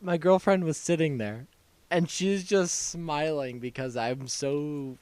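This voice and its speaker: A young man co-hosting a casual gaming podcast, excitable and gushing, often acting out his own reactions. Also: a little high, slow, clear, resonant tone, dry recording. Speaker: podcast co-host.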